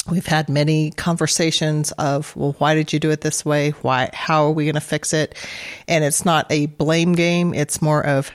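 Woman, interview guest, candid, joking, chatty, business co-owner. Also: low-pitched. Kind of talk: casual interview talk.

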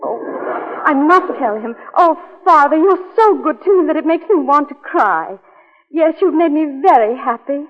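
An actress in a 1940s radio play voicing an earnest, emotional young wife who speaks from the heart. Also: female voice, high-pitched, animated, measured pace. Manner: earnest, heartfelt, scolding tenderly. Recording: tinny old radio broadcast with reverb.

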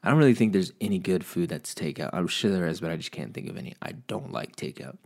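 Man, deep gravelly voice, casual vlog rant, swears a lot, home recording. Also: fast. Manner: profane, ranting, animated storytelling. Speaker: vlogger. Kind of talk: casual rambling monologue.

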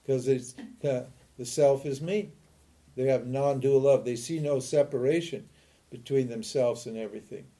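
A mellow, mid-range male voice belongs to a spiritual teacher talking about scripture. He chuckles often as he explains, keeps posing rhetorical questions to his listeners, and drops in a quick "huh?" with a laugh.

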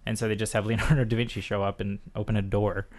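A man hosting a podcast in casual chat, sarcastic and animated as he tells stories. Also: on the low side, quick pace. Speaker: podcast host.

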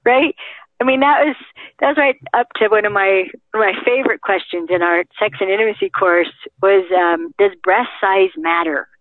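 Woman guest, animated storyteller who acts out quotes. Phone-line audio, dry. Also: medium pitch, normal speed, no room sound. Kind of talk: interview chat.

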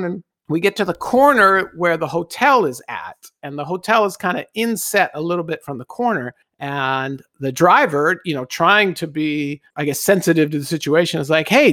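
A middle-aged man, a guest, telling a personal anecdote in a casual, animated way and acting out the voices he quotes. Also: sits high, normal speed, hardly any pauses, dry recording, clean studio sound. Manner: animated storyteller who acts out quoted voices.

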